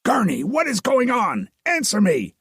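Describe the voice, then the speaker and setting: A man's voice: very high-pitched, wildly swooping pitch, measured pace, gravelly, fairly bright tone, breathy edge, dry recording, clean studio sound, voice pushed up, full character voice. A man playing a terrified former army major, speaking in desperate, raw outbursts. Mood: urgent.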